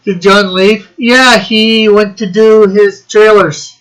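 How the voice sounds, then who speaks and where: Casual show host, man in his forties, high, bright voice, unhurried, jokey banter. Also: steady tone, rough recording. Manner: joking, teasing banter. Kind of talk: casual chat.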